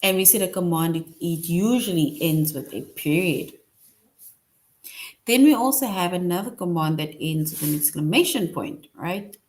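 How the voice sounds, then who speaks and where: A woman's voice: lowish voice, expressive, darkish tone. A woman teacher explaining a grammar lesson to young children, patient and repetitive, often checking in with "right?". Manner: patient, repeats points, tags "right?" often; slow, deliberate.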